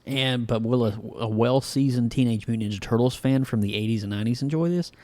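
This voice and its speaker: A man with a medium-pitched voice talks fast while co-hosting a podcast. It's a casual review chat about a film, loose and relaxed, packed with fillers, and he says "man" often.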